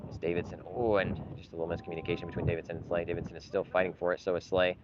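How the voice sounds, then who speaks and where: A man doing partisan play-by-play for his club's live stream, getting frustrated and sometimes yelling at calls. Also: deep voice, flat delivery, rapid-fire. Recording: dull lo-fi live stream audio with noise.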